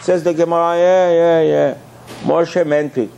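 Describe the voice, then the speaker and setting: Rabbi telling a story animated questions. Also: male voice, a little high, a little slow, creaky, slight background noise. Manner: animated storytelling, acting out dialogue, rhetorical questions. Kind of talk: sermon.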